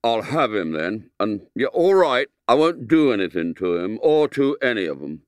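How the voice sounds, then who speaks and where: A man's voice: fairly low pitch, big pitch swings, normal speed, no room sound, studio quality. Man doing a furious sulky schoolboy. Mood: grudging. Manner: indignant outbursts. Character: sulky, stubborn schoolboy with tempestuous fury.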